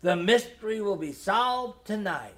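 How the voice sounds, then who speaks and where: A man's voice: high voice, lively intonation, a little slow, a bit bright. A man reading the part of a cheeky, teasing young boy.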